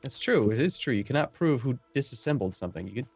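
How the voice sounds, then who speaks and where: Animated man bickering over a game. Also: medium pitch, fast talker, breathy edge, dry recording, soft background music. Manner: animated, mock-indignant, bickering. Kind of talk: casual multiplayer gaming chat.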